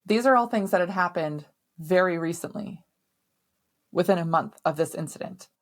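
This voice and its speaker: A woman's voice: on the low side, normal speed. Candid, emphatic woman telling her story. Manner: candid, emphatic, swears now and then. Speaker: podcast host. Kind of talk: personal storytelling.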